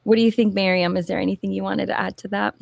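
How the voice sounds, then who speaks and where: A woman who founded a therapy clinic, explaining in an animated way and acting out parents and children in little quotes. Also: mid-range voice, fast, gravelly, no echo. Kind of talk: explanatory talk-show chat.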